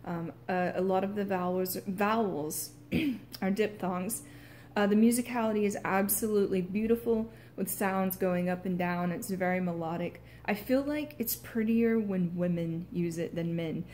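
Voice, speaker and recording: Southern American woman, actor talking through her accent practice, halting, lots of ums, faint background noise. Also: mid-range voice, darkish tone. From United States. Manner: hesitant, many filler sounds, clears throat. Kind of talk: casual explanatory talk.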